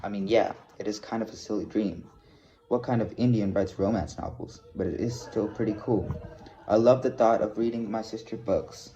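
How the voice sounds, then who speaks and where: A man reads a novel aloud in a plain, measured way, now and then slipping on a word. His voice is low and mellow. The recording sounds dull and lo-fi, with a faint hiss. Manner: plain, measured reading with small slips. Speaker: reader of a novel.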